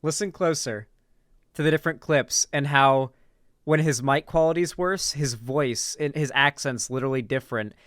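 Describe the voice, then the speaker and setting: A man's voice: mid-range voice, moderate pace, fairly bright tone, dry recording, studio quality. A young man reacting live to a video, chatting casually with lots of fillers, restarts and trailing thoughts. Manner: rambling, many fillers and restarts.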